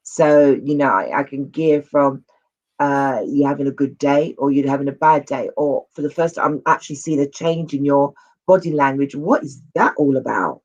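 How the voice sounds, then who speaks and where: A talk show host speaking casually and haltingly, restarting sentences often. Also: mid-range voice, highs cut off. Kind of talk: casual interview chat.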